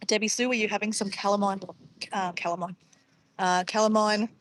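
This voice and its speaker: A woman's voice: mid-range voice, steady tone, fairly quick, fairly bright tone. An Australian woman chatting casually to livestream viewers outdoors by a pond, easily sidetracked and calling her viewers guys. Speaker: livestream vlogger.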